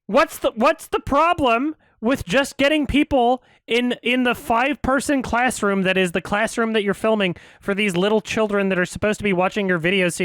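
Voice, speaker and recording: A man's voice: sits high, a bit bright, clear, resonant tone, dry recording. A man hosting a reaction video, ranting with a heated, profane, sarcastic edge. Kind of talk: ranting commentary.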